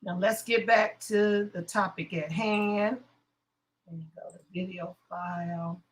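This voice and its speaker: A woman's voice: fairly low pitch, steady tone, a little slow, low-quality recording. A woman hosting a casual livestream, sassy and blunt as she talks back to her chat. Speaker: livestream host.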